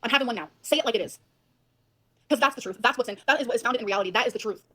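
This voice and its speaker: A woman on a livestream ranting fast and emphatically, swearing a lot as she tells her side of a fight. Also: on the high side, pushed and bright. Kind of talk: venting livestream rant. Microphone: livestream mic.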